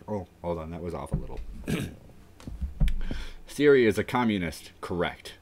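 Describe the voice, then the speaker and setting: Man, live streamer, casual, rambling, mumbling, lively pitch. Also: normal speed, pauses often, slight background noise. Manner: rambling, mumbling, talking to himself. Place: warm indoor room.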